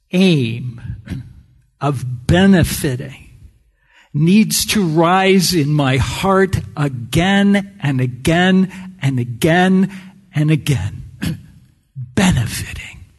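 Man, sermon, folksy storytelling, slightly high voice, long hall reverb. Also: animated. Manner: slow, folksy storytelling with frequent throat clearing. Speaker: preacher.

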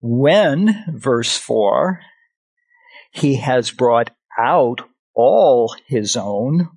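A man preaching a sermon on scripture, animated and expressive, calling out like a shepherd at times. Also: very slow, slightly rough, no echo. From grew up on a farm. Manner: animated, swings pitch, acts out shepherd calls.

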